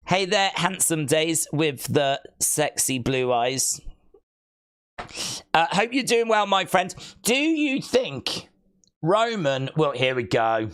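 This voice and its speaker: A man's voice: a little high, very animated, slow pace, a bit bright, clean tone. A man hosting a live stream, chatting casually, reading viewer comments aloud and playfully mock-scolding viewers he calls kids.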